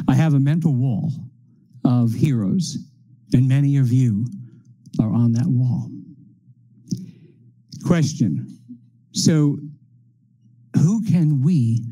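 A man preaching a sermon, working through numbered points in a slow, measured way. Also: mid-range voice, mellow, rough recording.

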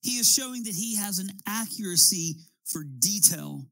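A man's voice: sits high, lively intonation, moderate pace, vocal fry, sharp tone, dry recording, rough recording. A man preaching a sermon as a pastor, building his points with emphatic, rising appeals.

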